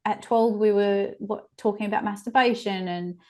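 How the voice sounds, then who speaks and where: A woman, speaking candidly as a podcast guest. She tells stories with lively, open animation, her voice sitting in an ordinary middle register. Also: mid-range voice, normal speed. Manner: frank, animated storyteller. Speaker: guest, child abuse prevention educator.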